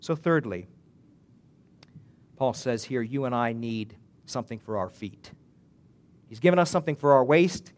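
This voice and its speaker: A man's voice: mid-range voice, moderate pace, long pauses. A male pastor preaching a sermon in an earnest way, building to emphatic swells and often restarting his phrases.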